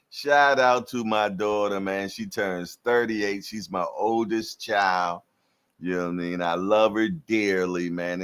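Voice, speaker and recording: A low-pitched man in his fifties takes his time, drawling through a relaxed live-stream chat. He leans on slang and keeps tagging lines with "man". He laughs easily between thoughts. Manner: laid-back slang, repeats "man" and "yes, indeed". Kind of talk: casual chat with live chat viewers.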